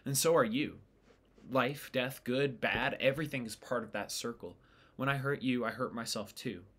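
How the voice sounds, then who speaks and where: A man reading the lines of a remorseful teenage boy in a quiet, pleading way. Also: mid-range voice, normal speed, breathy edge.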